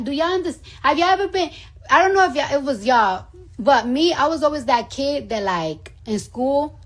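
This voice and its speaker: Husky woman venting in a clip. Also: on the high side. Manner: rambling, exasperated venting. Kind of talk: livestream clip.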